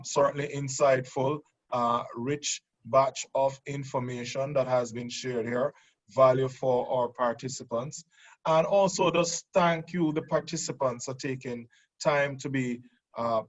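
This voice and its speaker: Guy hosting a webinar panel, lots of ums and restarts, kinda muffled call audio. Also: mid-range voice. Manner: hesitant, many fillers and restarts. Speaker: segment host. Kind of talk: webinar moderation. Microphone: video call.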